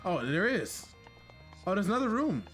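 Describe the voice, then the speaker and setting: A man streaming a game live, talking to his chat in a jokey, excitable way and repeating himself when flustered. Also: high voice, normal speed, soft background music. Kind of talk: live gameplay commentary.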